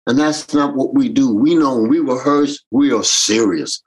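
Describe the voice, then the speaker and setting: A husky, slightly breathy man with a lilt, leading a reggae band and talking through his stories. He tells them animatedly, slipping into the voices of the people he quotes. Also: mid-range voice, moderate pace, low-quality recording. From Jamaican American. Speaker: reggae bandleader. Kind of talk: casual interview storytelling.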